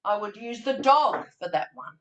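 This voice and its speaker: Animated woman presenter. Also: on the high side, moderate pace. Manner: animated, theatrical, chatty. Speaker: early childhood trainer presenting a webinar. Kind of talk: lively webinar presentation.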